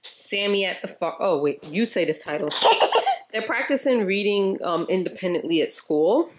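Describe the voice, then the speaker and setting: A woman's voice: mid-range voice, animated, normal speed. A young woman vlogging at home, chatting casually with viewers and patiently coaching her child through reading. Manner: chatty, talks to viewers directly. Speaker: mom vlogger. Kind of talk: casual home vlog chat. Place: apartment home. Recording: noisy home recording with clicks.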